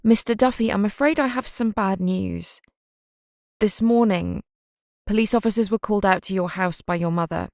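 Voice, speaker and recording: Woman voicing a gentle police detective. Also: medium pitch, gravelly, dry recording, clean studio sound, voice pushed up, lightly acted. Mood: gentle, solemn. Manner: gentle, measured, formal. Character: calm, careful female police detective delivering bad news.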